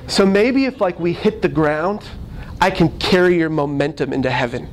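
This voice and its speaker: Guy doing a blunt skydiving instructor, deadpan and lowish. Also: normal speed, heavy background noise, natural voice. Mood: murmuring. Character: blunt middle-aged male skydiving instructor.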